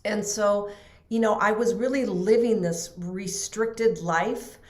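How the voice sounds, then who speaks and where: A middle-aged woman, a podcast guest and trainer, telling a personal story in a lively way and acting out the people she quotes. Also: medium pitch, takes it slowly. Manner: animated, acts out quoted voices, laughs often. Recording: roomy echo.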